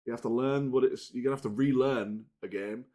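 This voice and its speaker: A man's voice: mid-range voice, fairly even intonation, brisk. Rambling casual male gaming vlogger. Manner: rambling, with frequent restarts and casual swearing; talks straight to viewers, swinging between loud and muttered. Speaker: gaming channel host. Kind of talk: casual unscripted chat to camera.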